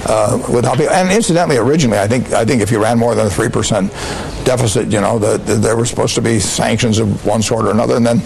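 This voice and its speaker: An older man with a gravelly, creaky voice, answering an interviewer slowly and thoughtfully. He stops and restarts often, weighing each phrase, in a played archive interview clip. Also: lowish voice, darkish tone, a little hiss or hum, low-quality recording. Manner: slow, halting, restarts a lot.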